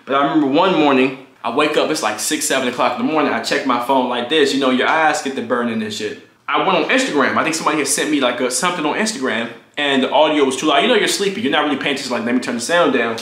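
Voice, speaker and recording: A young man casually telling a profane, animated story about his college roommate, acting out what people said. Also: racing, reverberant. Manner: animated, profane, acts out quotes in high voices. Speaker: storytime vlogger.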